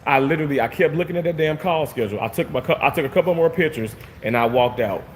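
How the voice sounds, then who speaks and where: A man casually venting to his viewers, animated and swearing freely, repeating himself for emphasis. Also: a little high, fast, in a large hall, a little hiss or hum. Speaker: vlogger reading live chat.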